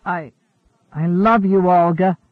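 A man's voice: sits high, moderate pace, no room sound. A man reading the part of a lovesick young man under thirty who speaks in a pleading, stammering, desperate way. The recording is tinny and narrow-band.

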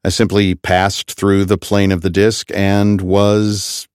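A man reading a first-person science fiction audiobook in an even, wry storytelling manner. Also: low voice, slow pace, smooth, dry recording, clean studio sound. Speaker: audiobook narrator. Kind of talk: scripted first-person narration.

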